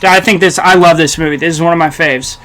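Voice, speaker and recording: A man co-hosting a casual podcast about films, animated as he retells scenes. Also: fairly high pitch, fast talker. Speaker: podcast co-host. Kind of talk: casual film discussion.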